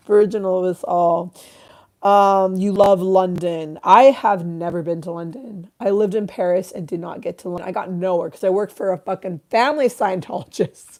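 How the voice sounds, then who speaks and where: A woman's voice: mid-range voice, steady tone, moderate pace, dark tone. A woman in her thirties hosting a casual livestream, rambling, swearing freely and reading out chat comments. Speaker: livestream host.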